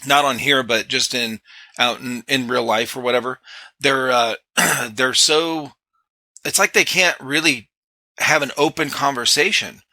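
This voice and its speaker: A male podcast host with a sharp, very forceful tone, recorded dry and close with no room sound. He talks bluntly and loosely, swearing freely in casual chat. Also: mid-range voice, measured pace, no echo. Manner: blunt, profane, laid-back.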